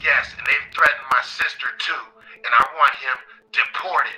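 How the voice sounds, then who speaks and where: A man losing his voice, speaking in a hoarse, half-whispered voice as he rambles on agitatedly about his grievances. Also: mid-range voice, fairly even intonation, moderate pace, pushed and bright, poor audio. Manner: agitated, rambling, self-aggrandizing. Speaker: caller in played recording. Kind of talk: complaint call.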